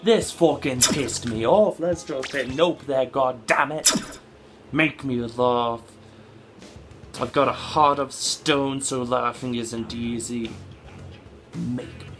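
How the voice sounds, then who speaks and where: A woman hosting a gaming channel, giving let's-play commentary and shouting fruit words in place of curses when exasperated. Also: rumbling low, slow pace. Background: background music.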